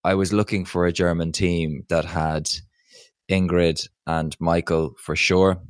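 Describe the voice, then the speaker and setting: Male podcast co-host, deep and dry, eager and chatty. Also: little pitch movement, a little slow, no echo. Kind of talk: casual podcast chat.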